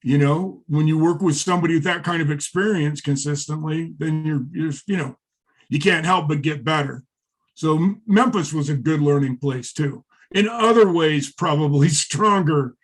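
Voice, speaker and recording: A middle-aged former wrestler, a guest in an interview, telling stories in a rambling, profane way with many fillers. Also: male voice, fairly high pitch, normal speed. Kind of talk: casual interview storytelling.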